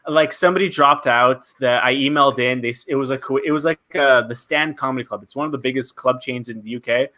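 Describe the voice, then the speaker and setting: A man chatting as a guest comedian on a podcast, animated and profane, peppering his talk with "like.". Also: mid-range voice, fast, few pauses. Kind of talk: casual podcast chat.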